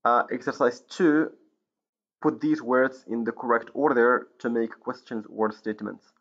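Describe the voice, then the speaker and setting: A man from Morocco teaching an English grammar lesson, pausing often with fillers and correcting himself, in a dull lo-fi recording. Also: mid-range voice, fairly even intonation, a bit bright. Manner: hesitant, many fillers and self-corrections.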